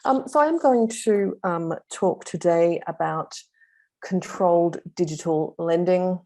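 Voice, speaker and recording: A woman giving an academic law presentation on an online call, measured and steady with frequent pauses and ums. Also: lowish voice. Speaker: invited speaker on law. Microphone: video call.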